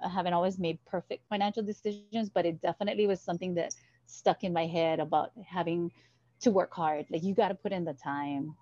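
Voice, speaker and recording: A woman's voice: lowish voice, a little fast, no echo, highs cut off. A woman from Hawaii, a guest telling stories in an interview and acting out the voices in them. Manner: animated, acts out the voices in her stories. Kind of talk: storytelling interview.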